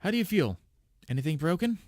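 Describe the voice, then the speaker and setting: A man doing a calm, mature huntress woman. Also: on the high side, quick pace, no room sound, clean studio sound, pitched above the performer's own voice. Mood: concerned. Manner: steady, concerned, matter-of-fact.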